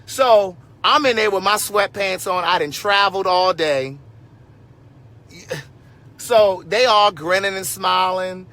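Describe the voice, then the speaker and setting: Sassy, bright-voiced man in his forties. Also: sits high, slow. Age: 40s. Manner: animated, sassy, with frequent asides to viewers. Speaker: host telling a story to viewers. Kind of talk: casual storytelling livestream.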